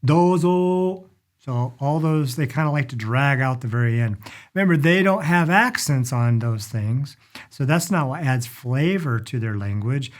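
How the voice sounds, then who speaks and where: A middle-aged man explaining travel phrases in a casual instructional talk, demonstrating them with stretched vowels. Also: medium pitch. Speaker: language and culture teacher.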